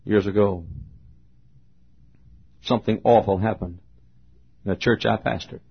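An older man preaching a fervent sermon as pastor, swinging from shouted exhortation to low, quiet asides. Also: fairly even intonation, a little slow, vocal fry, husky. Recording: dull lo-fi sermon recording.

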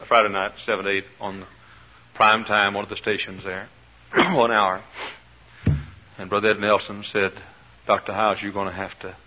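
A man preaching a sermon in church, questioning the congregation and swinging between shouted peaks and quiet asides. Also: fairly low pitch, lo-fi sound.

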